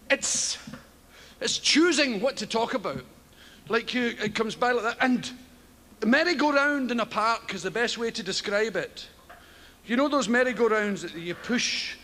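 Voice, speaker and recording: High-pitched Scottish man doing stand-up. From Scotland. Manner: profane, rambling, chuckling storyteller. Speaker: stand-up comedian. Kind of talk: stand-up routine. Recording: heavy background noise.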